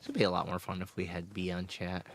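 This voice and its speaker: A man streaming a game and chatting casually, his voice strained and hoarse, laughing often and swearing. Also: low-pitched, level tone, quick pace, a little hiss or hum.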